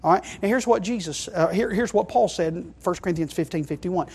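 A man preaching a sermon, emphatic, moving between quiet asides and loud stressed phrases and often checking in with the congregation. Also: sits high, fairly quick, breathy edge. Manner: emphatic, keeps checking in with "okay?".

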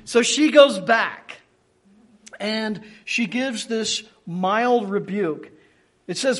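A man preaching a sermon in a lively, animated way, often acting out quoted speech and restarting words as he thinks aloud. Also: high voice, slow. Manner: animated, acts out quoted speech in changed voices.

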